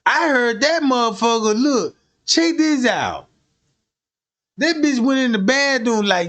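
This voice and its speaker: A man's voice: extremely high pitch, expressive, measured pace, a bit bright. A man streaming, telling a crude comic story in a profane, rambling way and often checking that listeners follow.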